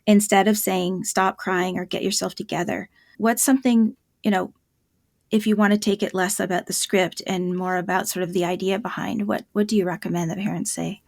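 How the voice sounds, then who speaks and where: A woman's voice: mid-range voice, steady tone, a little fast, creaky, no room sound, studio quality. A woman hosting a parenting podcast, talking candidly, laughing often and acting out what parents say. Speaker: podcast host. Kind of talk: conversational interview.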